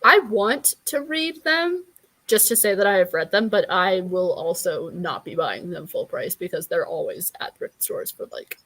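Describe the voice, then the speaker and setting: A woman's voice: on the low side, lively intonation, normal speed, a bit bright, no room sound, poor audio. A woman in her early twenties chatting casually about books, blunt and wry in her opinions. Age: 20s. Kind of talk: casual chat.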